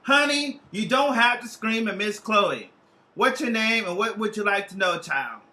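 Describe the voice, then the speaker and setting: A Jamaican psychic lady from late-night TV, all sugary salesmanship, calling everyone honey and child while she pushes her wares, as a man puts her on in a storybook reading. The voice rides high and bright, sharp at the edges. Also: lively intonation, unhurried, heavily acted. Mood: cooing sales pitch. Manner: sweet-talking, salesy, calls people honey and child. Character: gaudy woman TV psychic hawking trinkets.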